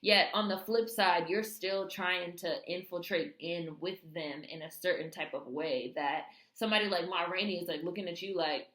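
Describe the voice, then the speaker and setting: Woman, casual film review vlog, low-ish voice, candid and swearing, roomy echo. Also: normal speed, hardly any pauses, a bit bright. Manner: candid, profane, filler-heavy.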